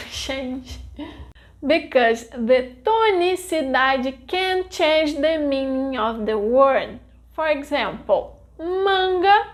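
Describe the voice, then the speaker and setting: A Brazilian woman, a native Portuguese speaker, teaching a scripted language lesson in a clear, deliberate way. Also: high-pitched.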